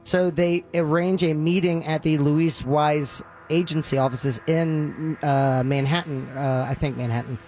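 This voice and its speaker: A man hosting a podcast, casually retelling a story with lively acted-out quotes and loose fillers. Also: fairly high pitch, unhurried, hardly any pauses, faint music behind. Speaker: podcast host.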